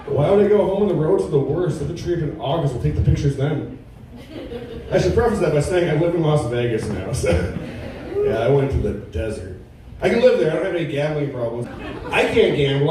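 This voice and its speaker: A man in his thirties doing a stand-up comedy set with a laid-back, deadpan delivery at a comedy club. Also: fairly high pitch, very echoey, far from the mic, rough recording. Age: 30s. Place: comedy club with a live audience.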